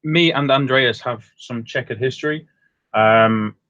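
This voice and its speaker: A man from England calling into a live show, speaking bluntly with hesitant pauses. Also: mid-range voice, fairly bright tone, no room sound. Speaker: caller. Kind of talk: call-in conversation. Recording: dull call-in line.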